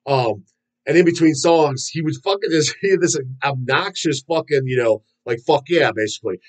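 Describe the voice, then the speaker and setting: Husky, profane man telling rambling stories. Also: fairly high pitch, normal speed, low-quality recording. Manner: profane, rambling storyteller with frequent fillers. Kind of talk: casual rant about metal.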